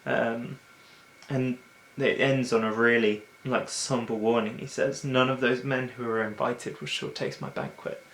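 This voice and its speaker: A man giving an informal, chatty Bible talk as host of a daily video show, slipping into quick acted-out asides. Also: mid-range voice, fairly even intonation, gravelly, reverberant, slight background noise. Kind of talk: casual Bible teaching.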